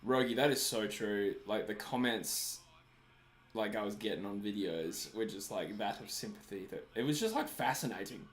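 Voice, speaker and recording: Watching a match on his live stream, this Australian host chats casually, laughs a lot, and replies to comments from viewers. His voice sits on the low side, animated and moderately paced.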